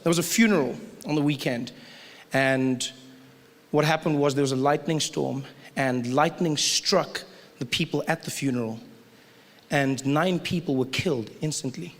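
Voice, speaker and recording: A man doing stand-up comedy in a conversational, animated way. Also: on the high side, normal speed. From South Africa. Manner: conversational, animated, acts out voices. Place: large live venue with audience. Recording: live hall with crowd noise.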